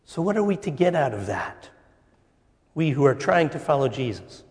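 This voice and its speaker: A man preaching a sermon, slow and deliberate, with pauses. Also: mid-range voice, sing-song, a little mellow. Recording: long reverb of a church hall.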